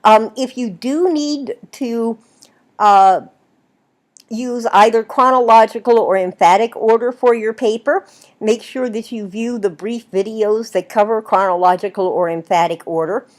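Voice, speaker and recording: A woman's voice: on the high side, a little slow. A woman teaching a writing class in a recorded video lecture, explaining at length and checking in with "right?" as she goes. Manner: lively, explanatory, asks "right?" often. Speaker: writing instructor.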